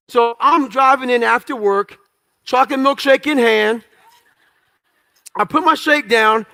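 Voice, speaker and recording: Speaking very high-pitched and unhurried, with vocal fry, a sharp tone and long pauses, a man delivers a motivational storytelling talk. He recounts his life bluntly, swears freely, and performs the quoted dialogue of the people in his stories.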